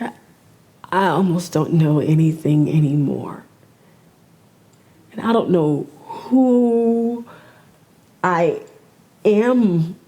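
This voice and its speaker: A woman giving an emotional talk on camera, speaking in a halting way and often restarting her sentences. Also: fairly low pitch, mellow. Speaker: speaker at a talk on remote viewing. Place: in front of a camera.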